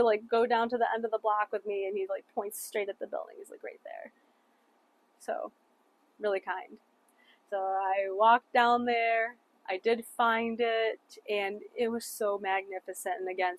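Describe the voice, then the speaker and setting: A woman's voice: on the high side, darkish tone. A young woman chatting casually through a travel story, saying "like" a lot, laughing often and swearing offhandedly. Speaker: travel vlogger.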